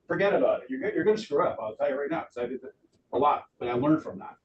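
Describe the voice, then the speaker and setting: A middle-aged man giving a lively live training talk to realtors in an office, acting out quotes in voices. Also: on the high side, very fast, lo-fi sound. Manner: animated, acts out quotes in voices. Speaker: real estate trainer. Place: office meeting room. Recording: distant room mic with background noise.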